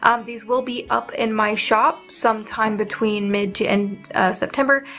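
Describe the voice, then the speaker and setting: Young woman, bubbly, excitable, casual unboxing chat, bright higher voice, soft music behind. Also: normal speed. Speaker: art channel host.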